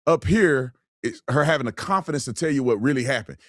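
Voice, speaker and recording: A man's voice: mid-range voice, expressive, brisk, a bit bright, no echo, clean studio sound. A man giving blunt, mocking, heated commentary on video clips, with slangy, colloquial speech. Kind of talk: opinionated commentary.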